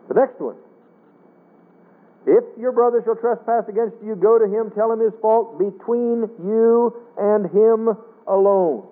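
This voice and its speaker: High voiced guy preaching, earnest and pleading, tinny old radio sound. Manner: earnest, pleading, quotes scripture in King James wording. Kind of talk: sermon. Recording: tinny phone-like radio broadcast.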